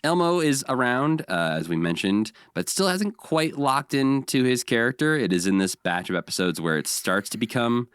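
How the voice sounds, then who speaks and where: A man's voice: medium pitch, big pitch swings, normal speed, few pauses, fairly bright tone, clean tone, no echo, clean studio sound. A man co-hosting a casual podcast, recapping episodes with energy and briefly slipping into voices for the characters. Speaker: podcast co-host.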